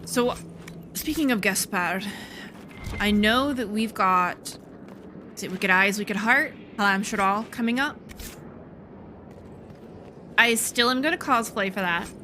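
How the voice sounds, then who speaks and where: A woman's voice: medium pitch, slow pace, long pauses, sharp tone, slight background noise. A woman streaming a game, chatting casually with joking asides. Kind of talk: casual gameplay commentary.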